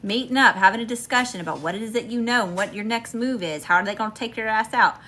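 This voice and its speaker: A woman's voice: a little high, quick pace, sharp tone. A woman from Mississippi with a Southern accent, giving a chatty, emphatic tarot reading to her viewers. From Mississippi, USA. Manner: chatty, emphatic, slangy with frequent "y'all" and "okay?". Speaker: tarot reader.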